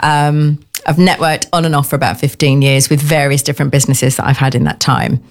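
Woman, deep voice, candid, casual chat. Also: flat delivery, a little fast. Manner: open, candid storytelling. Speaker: networking group founder, guest.

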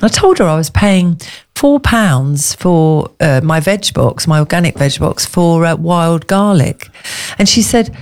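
A woman's voice: fairly low pitch, lively intonation, a little slow, a little mellow. A woman co-hosting a radio show from the studio, talking in a chatty, rambling way and laughing easily. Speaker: radio co-host. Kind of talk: casual radio chat.

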